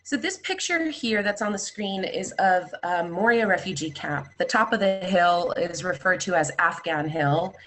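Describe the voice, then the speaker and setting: A young woman reads a personal story in a measured, earnest way, then explains a slide with some hesitation. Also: fairly low pitch, lively intonation, fairly bright tone, a little hiss or hum. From United States, Palestinian family. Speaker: speaker reporting back from volunteering.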